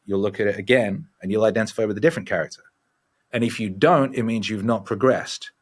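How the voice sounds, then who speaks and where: A middle-aged man, a podcast guest, telling rambling, animated stories with lots of swearing. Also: lowish voice. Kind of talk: casual storytelling.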